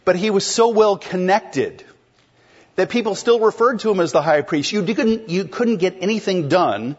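A man's voice: high-pitched, expressive, normal speed, muffled recording. A man preaching an expository sermon in a conversational way, explaining a text and putting questions to the congregation. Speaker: pastor.

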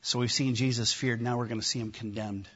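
A man preaching a sermon, emphatic and animated, with wry asides to his listeners. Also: medium pitch, brisk, slightly rough, lo-fi sound. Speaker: pastor.

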